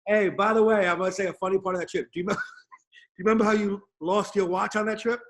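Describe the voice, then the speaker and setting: A man hosting a remote podcast interview, telling lively stories and acting out other people's lines. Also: high-pitched, fast. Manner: animated storyteller, acts out quoted voices. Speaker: podcast host. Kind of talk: casual remote interview chat. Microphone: video call.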